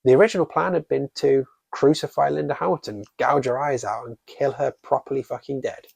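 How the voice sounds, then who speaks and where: A man's voice: medium pitch, a little fast, creaky, a little mellow, slightly rough, dry recording. A man reviewing a horror film in a casual scripted style, sarcastic and swearing freely.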